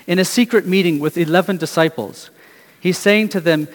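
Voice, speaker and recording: A middle-aged man preaching in a church hall, his fairly high voice carried by long reverb. He asks questions earnestly and lets some phrases fall quiet. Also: moderate pace. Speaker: pastor. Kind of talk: sermon.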